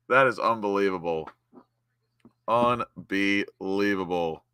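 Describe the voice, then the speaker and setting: A young man from the United States hosting a live football watchalong, chatting casually and bursting into excited shouts when his team attacks. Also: lowish voice, slow pace, clean tone, dry recording. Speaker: watchalong host. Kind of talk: live match watchalong commentary.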